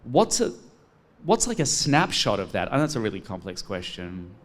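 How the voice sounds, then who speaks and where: A man's voice: fairly low pitch, huge pitch swings, moderate pace, a little hiss or hum. A man hosting a live podcast on stage, telling stories in a camp, theatrical way. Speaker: podcast host.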